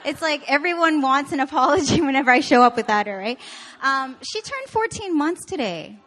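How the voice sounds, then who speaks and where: A woman pastor from Canada preaching a sermon, telling personal stories in an animated, laughing, self-deprecating way. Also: high-pitched, fairly quick.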